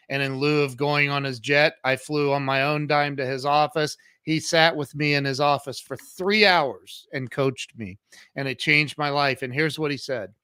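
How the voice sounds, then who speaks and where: A man's voice: fairly high pitch, smooth, dry recording. A man guest on a podcast, telling a story with energy and acting out the dialogue he quotes. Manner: animated, talks fast, acts out quoted dialogue. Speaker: podcast guest, social media coach.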